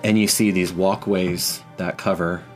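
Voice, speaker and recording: A man narrating a tabletop game as game master in a dramatic, unhurried way, with frequent restarts. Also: sits low, steady tone, faint music behind.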